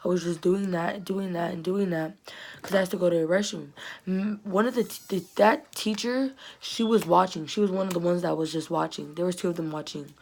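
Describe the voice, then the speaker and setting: A woman's voice: on the low side, steady tone, brisk, vocal fry, darkish tone, slight background noise, rough recording. A teenage girl rambling through a casual storytime about her school friends, acting out the quotes. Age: teens. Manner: chatty, rambling, acts out quotes. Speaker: vlogger telling a storytime.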